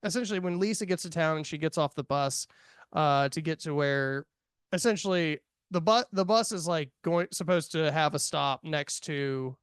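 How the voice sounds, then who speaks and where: A man in his thirties chats loosely as a podcast host, his fairly high voice smooth and resonant. He rambles through his points with plenty of fillers and laughs. The sound is dry and close, with no room around it. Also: moderate pace, a bit bright, no echo. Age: 30s. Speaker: podcast host reviewing a horror film. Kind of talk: casual chat.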